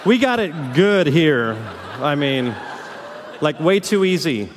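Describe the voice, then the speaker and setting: High-voiced pastor preaching in a reverberant hall. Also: male voice, big pitch swings, slow pace, a little hiss or hum. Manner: dramatic swings between hushed lows and fiery peaks. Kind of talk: sermon.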